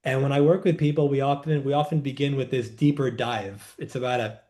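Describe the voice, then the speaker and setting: Man, warm low-key voice, measured, reflective, podcast guest telling stories. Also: fairly even intonation. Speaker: guest, energy healer and coach. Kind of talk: podcast interview storytelling.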